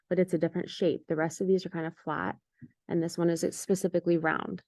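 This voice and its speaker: A woman's voice: on the low side, dry recording, clean studio sound. Patient woman teaching art. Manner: clear, patient step-by-step instructions with fillers. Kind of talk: recorded classroom lesson.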